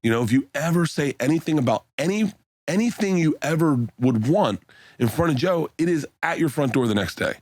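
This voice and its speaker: A man's voice: expressive, fairly quick, darkish tone, dry recording. A middle-aged man telling rowdy stories as a podcast guest, swearing often and acting out his friends' lines in a raised voice. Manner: profane storytelling, acts out friends' lines in a high voice. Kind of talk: casual podcast chat.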